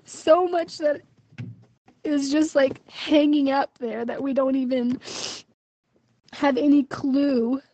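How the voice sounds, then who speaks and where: A woman's voice: sits high, fairly even intonation, slow, long pauses, warm tone, no echo, rough recording. A young woman venting her frustration in a personal video diary, emotional and full of fillers. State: pregnant. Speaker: vlogger.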